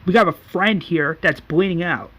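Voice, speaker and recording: A man's voice: high-pitched, normal speed, a bit bright. A man playing a fed-up young woman. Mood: exasperated. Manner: exasperated, blunt.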